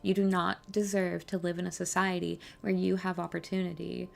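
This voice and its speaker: Gravelly, blunt-talking woman. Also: on the low side, little pitch movement, moderate pace. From Canada. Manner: blunt, swears heavily, angry and impassioned. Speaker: live streamer reacting to a debate. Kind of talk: heated reaction commentary.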